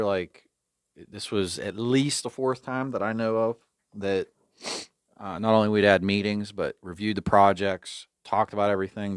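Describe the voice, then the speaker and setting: A man's voice: lowish voice, dry recording, clean studio sound. A man hosting an outdoors podcast, telling a long story and acting out the other people's lines with sarcasm. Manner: animated storyteller acting out quoted exchanges, sarcastic. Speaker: podcast host. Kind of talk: storytelling, recounting a dispute.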